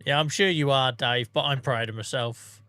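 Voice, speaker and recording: Bright-voiced man in his forties, chatty. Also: mid-range voice, normal speed, clear, resonant tone, no echo. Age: 40s. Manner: chatty, self-mocking, swears lightly, laughs often. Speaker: livestreamer. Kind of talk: casual livestream chat.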